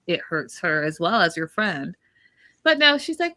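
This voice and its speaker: A woman's voice: medium pitch, lively intonation, a little slow, pushed and bright, clear, resonant tone. A woman co-hosting a casual recap chat, blunt and opinionated, mocking people by quoting them in put-on voices. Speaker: podcast co-host.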